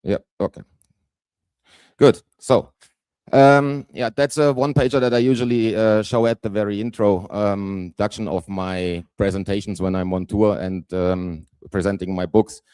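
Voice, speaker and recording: A man in his forties from southern Germany with a German accent, giving a conference talk haltingly with lots of fillers. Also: lowish voice, steady tone, mellow, clean tone, dry recording. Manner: hesitant, many fillers, self-deprecating. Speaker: guest speaker. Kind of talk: conference presentation.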